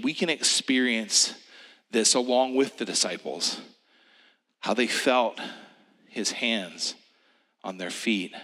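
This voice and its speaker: A male preacher leading a reflective, meditative sermon, speaking gently and often sinking into a hushed near-whisper. His tone is bright and clear. A long hall reverb hangs on every phrase. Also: on the low side.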